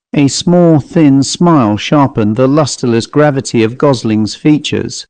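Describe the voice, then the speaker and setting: A man narrating a ghost story in a measured, even storytelling manner. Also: mid-range voice, no room sound. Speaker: audiobook narrator.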